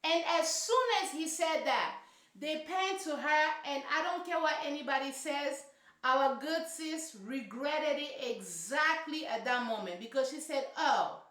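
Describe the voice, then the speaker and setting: A woman's voice: high-pitched, a little slow, a bit bright. A woman reviewing a reality show in casual, sassy, emphatic commentary full of slang. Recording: roomy echo.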